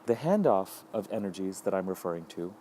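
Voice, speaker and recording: Male astrologer, lowish mellow voice, measured solo talk, faint hiss behind. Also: big pitch swings. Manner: thoughtful, unhurried, lists ideas in repeated phrases.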